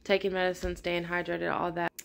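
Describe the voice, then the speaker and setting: Sick woman with a low, scratchy voice. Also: completely flat delivery, brisk, gravelly, smooth. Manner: rambling, many fillers. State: sore throat, talking low. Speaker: vlogger. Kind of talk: casual vlog chat.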